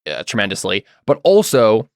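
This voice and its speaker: A man's voice: lowish voice, huge pitch swings, normal speed, no room sound, clean studio sound. A man narrating as game master in a tabletop role-playing game, casual and rambling with lots of fillers.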